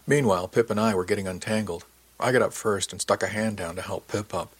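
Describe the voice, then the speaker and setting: Brief: male audiobook narrator, low husky voice, calm and measured. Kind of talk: first-person audiobook narration.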